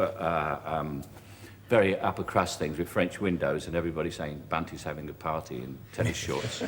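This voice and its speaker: Cockney male guest, dry joker, low-ish voice, old TV studio echo. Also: a bit bright. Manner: wry, joking, with stammered restarts. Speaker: talk show guest. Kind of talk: chatty anecdotal interview. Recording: archive TV studio with hall echo and faint hiss.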